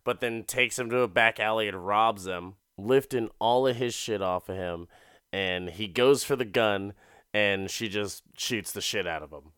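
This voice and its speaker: A man's voice: lowish voice, measured pace, a bit bright, clean tone, no echo, clean studio sound. A man casually retelling a movie plot in a profane, rambling way, often laughing. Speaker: film recapper.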